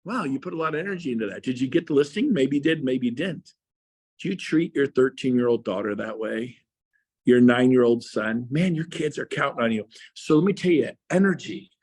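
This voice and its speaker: A man's voice: medium pitch, animated, a little fast, darkish tone, slightly rough. A man, a real estate coach, giving an emphatic motivational speech to agents and firing rhetorical questions at them. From Texas.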